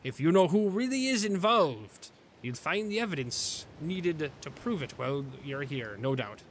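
A man's voice: fairly high pitch, big pitch swings, normal speed, slight background noise. A man voicing a salty pirate captain in a growly pirate drawl, reading game dialogue. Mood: gruff. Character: gruff male pirate captain, salty and stern.

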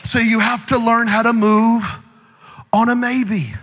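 A male pastor preaching a lively sermon to a church congregation, mixing jokes and playful acted-out asides with rising, shouted exhortations. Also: very high voice, slow pace, husky. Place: large church auditorium. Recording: long hall reverb.

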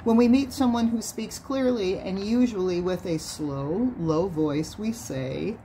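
A woman reading a nonfiction book aloud in a measured way, lifting her voice on key words. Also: medium pitch, mellow, slight background noise. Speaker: reader of a book on sound healing.

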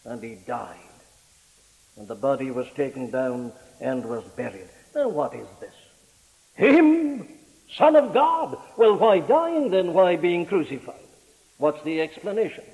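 A man preaching a sermon in an impassioned, rhetorical way, his pitch sweeping up on key words. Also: sing-song, unhurried, dark tone, long reverb tail, poor audio.

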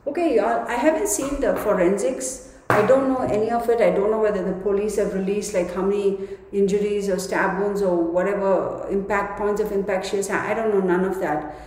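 A woman's voice: mid-range voice, a little fast, a little mellow, a little hiss or hum. Emphatic woman in an echoey room. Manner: rambling, emphatic, with many restarts. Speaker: tarot reader. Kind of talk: casual monologue to viewers. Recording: echoey room with long reverb.

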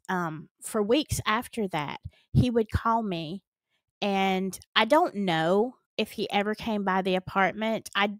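Middle-aged southern lady spilling a story, earnest, mid pitch, no room echo. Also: a bit bright. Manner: earnest, dramatic retelling with nervous laughs. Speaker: storytime vlogger. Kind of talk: casual personal storytelling.

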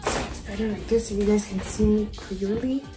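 A woman chatting casually to camera as an art vlogger, often pausing to search for the right word. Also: mid-range voice, fairly even intonation. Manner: chatty, searches for words, many fillers. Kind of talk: casual vlog chat to camera. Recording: roomy echo with background music. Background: music playing.

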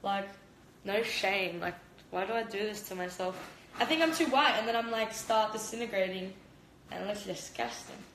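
Speaking in a mid-range, somewhat bright voice at normal speed, a young Australian woman chats into her phone camera during a live stream from her home kitchen. She's a fighter, and she rambles and giggles with frequent "like"s. The kitchen adds a roomy echo, plus a faint hiss or hum.

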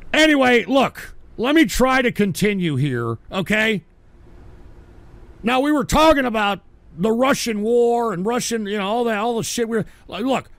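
A man's voice: high voice, fairly bright tone, no echo. A man hosting a live-stream talk show, cursing angrily and erratically as he reads out viewer donations. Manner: angry, cursing, erratic, breaks into singing. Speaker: livestream talk show host. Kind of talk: profane live-stream rant reading donations.

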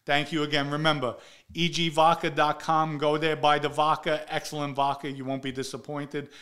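A man's voice: fairly high pitch, level tone, moderate pace, fairly bright tone. An older man from the Bronx, hosting a show and telling stories in a blunt, profane, casual way, raising his voice when he acts out quotes. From the Bronx, New York. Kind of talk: casual storytelling monologue.

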